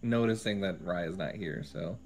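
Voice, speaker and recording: A man's voice: low-pitched, a little slow, slight background noise. A man playing a tabletop game, explaining in a rambling way full of fillers. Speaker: player. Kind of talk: tabletop role-play.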